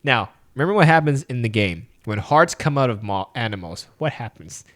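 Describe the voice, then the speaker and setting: A man co-hosting a casual podcast chat about a movie. He retells scenes with animated energy, jumping up in pitch to act out characters' lines and laughing often. His voice sits at an ordinary middle pitch. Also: fairly quick. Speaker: podcast co-host.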